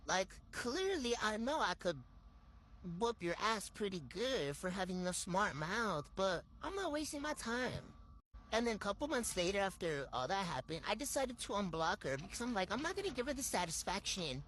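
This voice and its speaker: A woman's voice: medium pitch, very animated, normal speed, fairly bright tone, slight background noise. A young woman from tells a get-ready-with-me storytime into her phone, blunt, slangy and swearing freely. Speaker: storytime vlogger.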